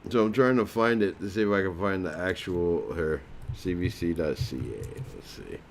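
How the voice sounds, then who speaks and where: A man's voice: low-pitched, moderate pace, slight background noise. A man hosting a casual livestream chat, talking in a laid-back way that trails off into mumbles. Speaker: host.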